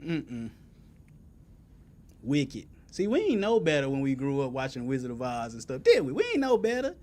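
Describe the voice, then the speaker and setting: A man's voice: medium pitch, huge pitch swings, normal speed, darkish tone. A man preaching a sermon in folksy vernacular, asking the congregation for answers and building to emphatic peaks.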